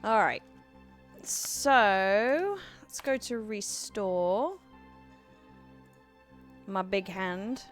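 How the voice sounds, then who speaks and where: A woman's voice: medium pitch, animated, drawn-out words, long pauses, faint music behind. A woman streamer chatting casually in a rambling way, with lots of fillers. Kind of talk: casual chat.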